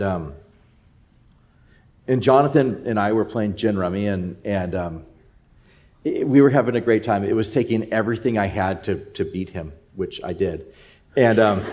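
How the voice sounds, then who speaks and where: Pastor in his thirties, low voice, animated storyteller full of ums and restarts. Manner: animated, rambling anecdote with many fillers. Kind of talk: sermon with personal storytelling.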